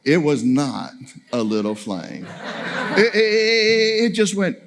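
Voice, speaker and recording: Animated man telling a funny story. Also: on the high side, slow, vocal fry. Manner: animated, laughing storyteller acting out dialogue. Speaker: family camp speaker. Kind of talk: storytelling talk to an audience.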